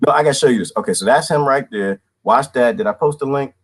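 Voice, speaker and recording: A man's voice: medium pitch, fast talker, breathy edge. A man in his twenties ranting casually on a livestream, slangy and laughing often. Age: 20s. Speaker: vlogger.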